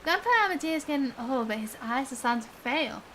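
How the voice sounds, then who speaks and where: A young woman streaming a game, reading its dialogue aloud and chatting, bubbly and quick to laugh at her own slips. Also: high-pitched, a bit bright, slight background noise. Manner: chatty, bubbly, stumbles on words and laughs at herself. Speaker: gaming streamer. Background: game music.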